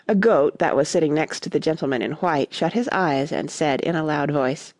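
A woman reading a classic storybook aloud as an audiobook narrator, expressive and animated. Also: low-pitched, normal speed, no room sound, clean studio sound.

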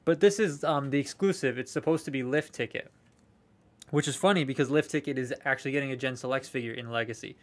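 A man's voice: medium pitch, quick pace. Chatty man unboxing toys live. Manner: rambling, chatty, swears freely, answers viewer comments. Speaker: toy collector streaming a live unboxing. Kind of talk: casual live-stream chat.

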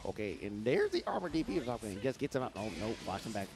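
A man giving playful, excitable live commentary on a fighting game match, acting out the players' thoughts. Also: fairly low pitch, very fast, over music.

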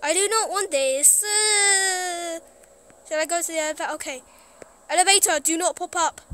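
A woman's voice: very high voice, moderate pace, bright, forceful tone, slight background noise. A woman playing a horror game, jittery and talking to herself as she goes. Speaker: gaming streamer. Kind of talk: horror game let's play.

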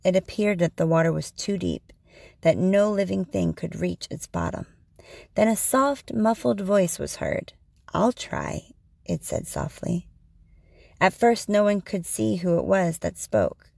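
A woman reading a storybook aloud in a slow, measured way. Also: fairly low pitch, big pitch swings, vocal fry, a little mellow, no echo.

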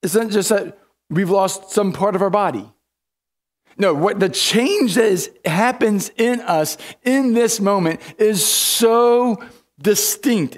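A man's voice: high voice, slow pace. A man preaching a sermon in a church, emphatic, often repeating words and restarting. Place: church sanctuary.

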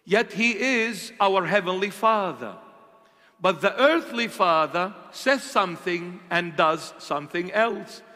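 Slow, high-voiced male preacher. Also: expressive, pushed and bright. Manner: asks and answers his own rhetorical questions; slow, deliberate emphasis. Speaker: bishop preaching. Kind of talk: sermon. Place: church. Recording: echoey church hall.

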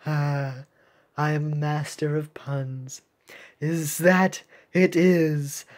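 A woman's voice: sits low, steady tone, very slow, darkish tone. A woman voicing a stern female ice captain cookie in a mock British accent, formal and commanding. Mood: dry. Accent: British (put on).

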